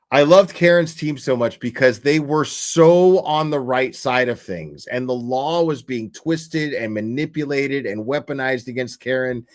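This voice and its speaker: A profane, emotional man commenting on a livestream. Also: on the high side. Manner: animated, profane, emotional and rambling, with restarts. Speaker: livestream host reading case documents.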